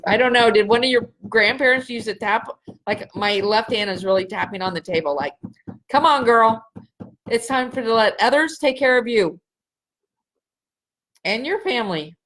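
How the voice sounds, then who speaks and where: A middle-aged woman hosting a live spiritual healing session, speaking slowly and earnestly and repeating phrases for emphasis. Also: a little high, expressive, a bit bright. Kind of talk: live energy-healing reading for viewers.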